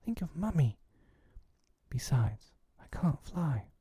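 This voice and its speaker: A man voicing an eager, excitable young girl in a breathy, whispered role-play. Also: a little high, slow pace, dry recording, clean studio sound, pitched above the performer's own voice, heavily acted.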